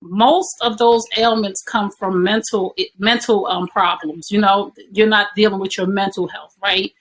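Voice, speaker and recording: A woman guest speaks in a mid-pitched voice, explaining like a teacher. She asks rhetorical questions and keeps checking in with "right?". There is faint noise in the background. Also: steady tone, a little slow, rough recording. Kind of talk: conversational interview.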